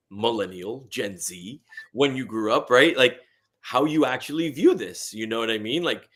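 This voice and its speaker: A man's voice: medium pitch, a bit bright. A man guest in a casual chat over a meal, talking emphatically with swearing and rhetorical asides.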